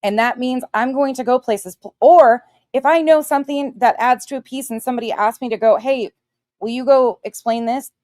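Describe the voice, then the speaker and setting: A woman's voice: fairly high pitch, moderate pace, a little mellow, dry recording, studio quality. Blunt, profane woman in her forties. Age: 40s. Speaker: livestream host. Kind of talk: casual livestream chat greeting viewers.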